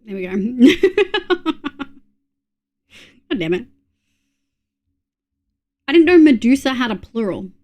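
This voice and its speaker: Young Australian woman, chatty streamer voice, a touch high, reads aloud to chat, laughs easily. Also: sing-song, takes it slowly, long pauses, darkish tone, highs cut off. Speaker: livestreamer. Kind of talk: casual live-stream chat.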